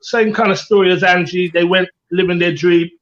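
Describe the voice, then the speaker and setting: A man's voice: high-pitched, steady tone, normal speed, a bit bright, dull audio. A middle-aged man co-hosting a candid panel chat, earnest and reflective, repeating his key phrases. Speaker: co-host.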